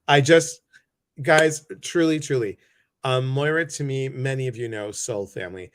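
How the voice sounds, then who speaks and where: A man's voice: mid-range voice, moderate pace, dry recording. A man hosting a casual livestream chat over a video call, effusive and greeting many viewers by name. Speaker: host.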